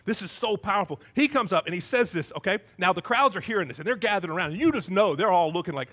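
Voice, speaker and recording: Male pastor, sermon, high voice, animated storytelling. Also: quick pace. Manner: animated storytelling, acting out scenes.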